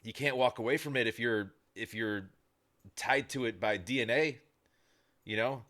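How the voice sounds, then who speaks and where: A man's voice: mid-range voice, normal speed, fairly bright tone. A man hosting a reaction video, chatting casually and thinking aloud with fillers.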